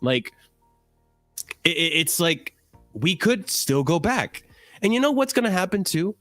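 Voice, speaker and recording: A man with a high voice that jumps all over its range, venting in a crude, heated rant on a casual livestream. The sound is close and dry, with no room in it. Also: measured pace, no room sound, faint music behind. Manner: profane, animated ranting. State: cranky from lack of sleep. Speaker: livestream co-host. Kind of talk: ranting fan livestream chat.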